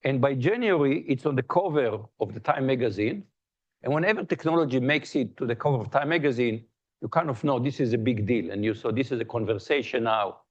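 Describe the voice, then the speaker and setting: A man's voice: medium pitch, brisk, highs cut off. A man giving a colloquium talk in a lecture hall, speaking conversationally with jokes, anecdotes and frequent restarts.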